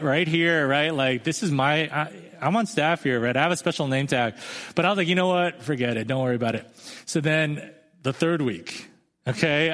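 A pastor in his thirties preaches a sermon in a conversational, self-deprecating storytelling style. His voice is on the high side and a bit bright, with long hall reverb on the recording.

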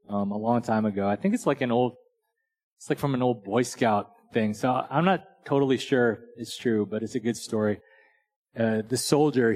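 A man's voice: mid-range voice, a little mellow. A man preaching a sermon in a casual, conversational way, checking in with "right?" and telling stories and jokes. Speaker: pastor. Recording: long hall reverb.

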